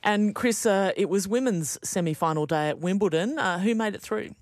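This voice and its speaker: An Australian woman hosting a breakfast radio program, introducing segments and interviewing guests with a relaxed manner and the occasional filler sound. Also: mid-range voice, normal speed, dry recording. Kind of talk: live radio presenting and interviewing. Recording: dry studio mic.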